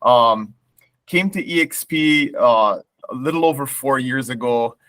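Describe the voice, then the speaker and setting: A man's voice: mid-range voice, dry recording. Laid-back, self-deprecating man from Hawaii. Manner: relaxed, self-deprecating, pauses with um. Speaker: realtor and team leader.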